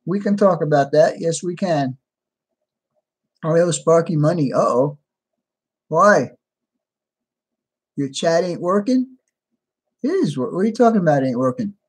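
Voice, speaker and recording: A man's voice: fairly high pitch, animated, measured pace, long pauses, husky. A man hosting a livestream, casually greeting viewers by name and answering chat, a little tired. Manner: reads out viewer names and replies to chat. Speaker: livestream host.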